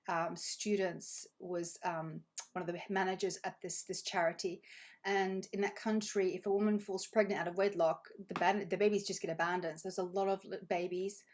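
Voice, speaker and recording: A woman leads a live online training in an effusive, encouraging manner, with a voice of ordinary pitch. She reads participants' comments aloud and praises them. She repeats her key phrases for emphasis. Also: flat delivery, a little fast. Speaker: money coach.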